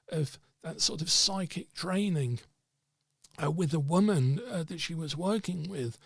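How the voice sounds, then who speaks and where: A man's voice: a little high, gravelly, slightly rough, no echo, clean studio sound. A man hosting an occult discussion, telling a story in a rambling, casual way with many fillers and restarts. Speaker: host of an occult discussion stream.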